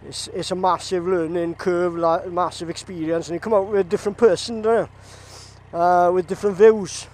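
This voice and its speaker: This Llanelli man with a Welsh accent vlogs from his moving motorbike outdoors, spinning a rambling yarn and laughing a lot. His high, darkish voice keeps fairly even intonation at a normal speed, captured in a rough recording.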